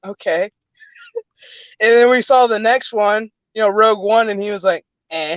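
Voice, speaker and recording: A high-pitched man rattling off crude, profane stories between bursts of laughter. His voice sits dry and close, with a dull, lo-fi muffle to the recording. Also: measured pace, fairly bright tone, no echo. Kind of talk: casual chat.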